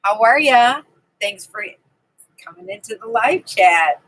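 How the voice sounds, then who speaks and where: A woman's voice: fairly high pitch, lively intonation, measured pace, a bit bright, poor audio. A woman hosting a casual live stream from her camping trailer, chatting and greeting viewers by name. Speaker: livestream host.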